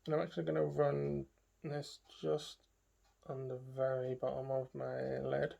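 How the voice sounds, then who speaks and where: A woman's voice: rumbling low, completely flat delivery, measured pace, creaky, dark tone, lo-fi sound. A woman beauty vlogger talking casually through a makeup tutorial, chatting to herself and trailing off into murmured asides as she works.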